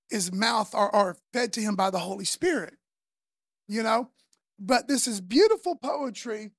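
A woman preacher giving a sermon in a chatty, animated way, acting out the voices she quotes. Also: medium pitch, husky, no echo, clean studio sound.

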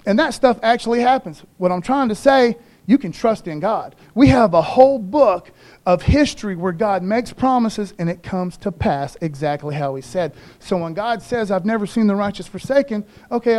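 High-voiced man preaching. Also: lively intonation, moderate pace, darkish tone. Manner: conversational preaching with call-outs to the congregation. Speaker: pastor. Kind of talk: casual sermon. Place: church broadcast.

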